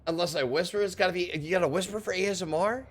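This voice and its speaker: A man's voice: sits high, quick pace. Male game streamer, casual and rambling, laughs a lot, mild swearing, close studio mic. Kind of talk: casual live-stream chat. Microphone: diaphragm studio microphone.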